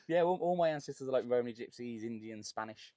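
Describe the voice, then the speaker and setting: A man's voice: mid-range voice, fast, no room sound. A young man with a Birmingham accent, a podcast guest telling stories in blunt, joking casual chat. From Birmingham, England. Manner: blunt, joking, lively storyteller. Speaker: podcast guest, cigar content creator.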